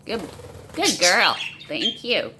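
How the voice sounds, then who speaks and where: A woman's voice: medium pitch, wildly swooping pitch, slow pace, very noisy. A woman coaxing her pets in a sing-song, baby-talk voice, recorded on a phone at home. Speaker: pet owner. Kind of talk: talking to pets. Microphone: phone camera.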